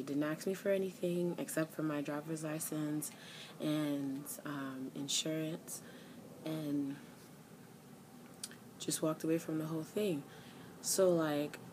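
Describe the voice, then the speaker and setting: A woman's voice: sits low, noisy background. Exasperated young New woman ranting. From New York. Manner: exasperated storytelling, acts out both sides of an argument in raised voices. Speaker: vlogger. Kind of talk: casual rant to camera.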